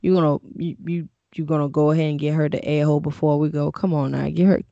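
A man with a slightly high, gravelly voice co-hosts a casual podcast in animated banter. The sound is dry and dull, like a lo-fi close mic. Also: fast, no echo. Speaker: co-host.

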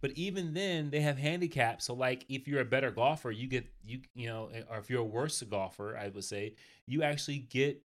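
A man's voice: mid-range voice, brisk. A man co-hosting a casual chat, who laughs easily and explains things patiently. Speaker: podcast co-host.

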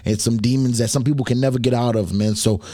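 A man talks loosely and in slang as he hosts his own podcast, speaking straight to his listeners. His voice is a little worn from talking so much, and his pitch sits in the everyday middle range. The recording is dry and close, with no room echo. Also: fairly even intonation, fast, warm tone. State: slightly losing his voice. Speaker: podcast host. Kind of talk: casual solo podcast talk.

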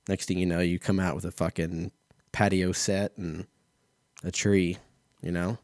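Telling a rambling, profane everyday story in a casual solo chat, a thirty-something man leans on fillers such as "like" and "you know" and swears heavily. His voice is low, level, unhurried, and a little mellow, with frequent pauses. The sound is clean studio audio with no room sound.

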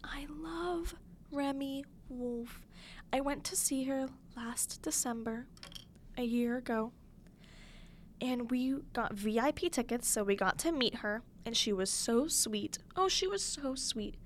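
Young woman podcast host, kinda high voice, bubbly and gushy, studio mic, goes loud then whispery. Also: lively intonation, slight background noise. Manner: bubbly and gushing, quick mood swings between loud and soft. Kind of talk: casual solo podcast chat. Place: small studio room with a window.

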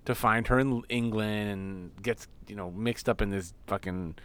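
A man co-hosting a podcast in casual chat, swearing freely and retelling scenes with animated energy. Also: fairly low pitch, unhurried, clear, resonant tone. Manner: profane, animated storyteller. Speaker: podcast co-host.

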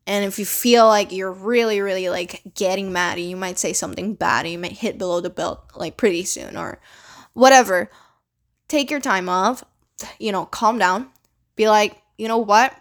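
A woman's voice: medium pitch, normal speed. A young woman talking casually to camera, giving blunt relationship advice with frequent swearing and loose, chatty phrasing.

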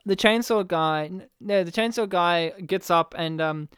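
A man spins a story in casual chat, acting out his own past lines with exaggerated sighs and huffs. His voice is smooth and clear. The sound is dry and close to the mic. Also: high voice, unhurried, a bit bright, dry recording.

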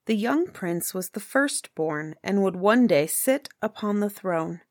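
A woman narrating a fairy tale in an unhurried, lilting storytelling manner. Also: medium pitch, lively intonation, no echo, studio quality. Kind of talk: storybook reading.

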